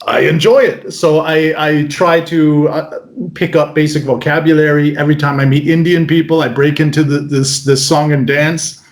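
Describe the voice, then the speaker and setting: A man being interviewed as a magician, telling stories in a lively way with frequent stammered restarts. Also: on the high side, normal speed. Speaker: magician guest. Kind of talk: interview conversation.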